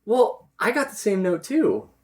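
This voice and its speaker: Lively woman playing a hesitant young hero. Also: mid-range voice, measured pace. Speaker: player. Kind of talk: in-character tabletop play.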